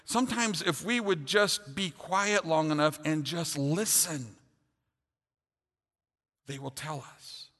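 A man's voice: fairly high pitch, takes it slowly, pauses often, a bit bright. A middle-aged man preaching a sermon, earnest and then telling a funny personal story. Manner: earnest, builds to humorous storytelling. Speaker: pastor. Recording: long hall reverb.

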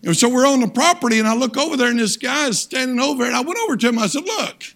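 An older man, a missionary serving as guest preacher, gives a sermon full of personal stories, told in a plain, folksy way with emphatic turns. His voice is very high and a little bright, and he talks at a rapid-fire clip.

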